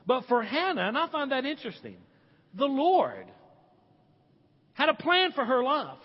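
A man preaching a sermon as pastor, animated and emphatic, slowing down to stress key words. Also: very high-pitched, husky. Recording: dull sound, long hall reverb.

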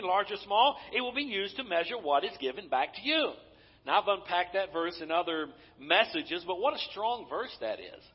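A male pastor preaches in a church sanctuary, pressing his points with emphasis and asking the congregation questions. His voice sits high and has a husky edge. The dull recording carries a long, ringing hall reverb. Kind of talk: sermon.

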